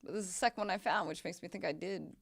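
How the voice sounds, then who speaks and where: A woman's voice: on the low side, racing, creaky. A young woman streaming a game, chatting casually, swearing and laughing as she plays. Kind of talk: casual gameplay chat.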